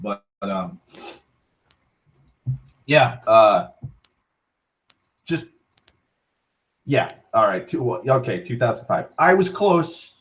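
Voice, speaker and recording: A young man hosting an online talk show, rambling casually with frequent profanity, restarts and excited tangents. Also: medium pitch, takes it slowly, pauses often, poor audio. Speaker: internet talk show host.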